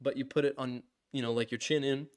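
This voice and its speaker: A young man casually telling a funny story on a podcast, lively, acting out what others said and laughing often. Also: medium pitch, fast, smooth, no room sound, clean studio sound. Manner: animated, acts out quotes in voices, laughs often. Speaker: podcast co-host.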